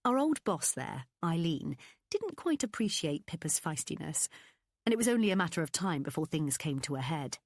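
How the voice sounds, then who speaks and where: A woman narrates a first-person novel in a confiding, expressive way. Her voice sits on the low side but moves up and down freely. The recording is close and dry, with no room sound. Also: fairly quick, no room sound. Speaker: audiobook narrator. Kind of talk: scripted audiobook narration.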